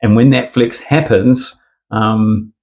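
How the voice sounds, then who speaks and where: A man's voice: mid-range voice, steady tone, takes it slowly, a little mellow. A man giving a rambling, profane opinion monologue full of sarcasm. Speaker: commentator.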